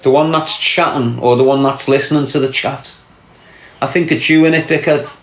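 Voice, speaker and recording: A man's voice: medium pitch, steady tone, moderate pace, roomy sound. A man hosting a casual livestream, answering chat comments with brash, sweary, mocking banter.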